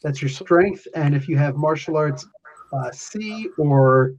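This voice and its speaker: A man's voice: fairly high pitch, expressive, slow, a little hiss or hum. Man running a tabletop game, lo-fi. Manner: casual, rambling with restarts and chuckles. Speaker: game master. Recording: lo-fi podcast audio.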